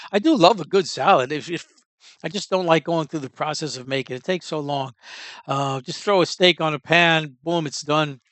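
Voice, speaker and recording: A man talks through a casual opinion monologue in a fairly high voice, wandering from point to point with blunt, offhand remarks. The sound is dry and close, with no room around it. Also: fairly bright tone, no echo. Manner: rambling, digressive, blunt. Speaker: commentator.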